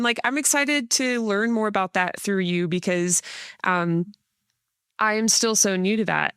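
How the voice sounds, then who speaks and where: A woman's voice: lowish voice, fairly bright tone, clean tone, no echo, studio quality. A woman hosting a podcast, telling a story in a rambling, casual way with lots of fillers. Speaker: podcast host. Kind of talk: casual interview chat.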